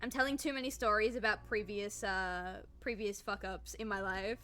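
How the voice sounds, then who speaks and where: A young woman chatting with stream viewers while drawing, an animated storyteller who laughs often and pokes fun at herself. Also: medium pitch, normal speed, soft background music. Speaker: art streamer. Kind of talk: casual chat with stream viewers.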